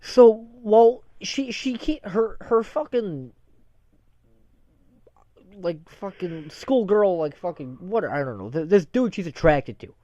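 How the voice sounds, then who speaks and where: A man's voice: high-pitched, lively intonation, slow, dark tone, dry recording. A young man ranting casually and profanely as a podcast co-host, rambling from story to story, on a dull lo-fi recording. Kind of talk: casual rant.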